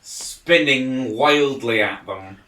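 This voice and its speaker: A player in a tabletop role-playing game, giggly and excitable with big swings in voice. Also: mid-range voice, slow pace. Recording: roomy, distant mic.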